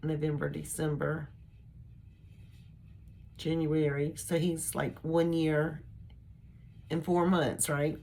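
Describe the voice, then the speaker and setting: A woman's voice: sits low, level tone, slow pace, vocal fry, long pauses, a little mellow. An older woman chatting casually to her camera, rambling in a chatty, homespun way. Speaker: vlogger. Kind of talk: casual personal chat to camera.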